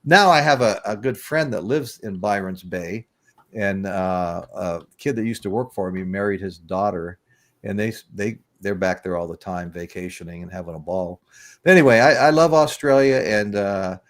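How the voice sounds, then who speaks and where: This livestream podcast host, an American in his sixties, chuckles his way through meandering stories and says hello to chat viewers. He speaks at a normal speed in a lowish voice.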